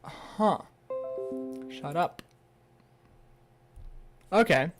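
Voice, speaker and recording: A man's voice: fairly high pitch, lively intonation, drawn-out words, soft background music. A young man on a casual livestream, reading an article aloud with stumbles and rambling, sarcastic asides full of swearing. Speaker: streamer.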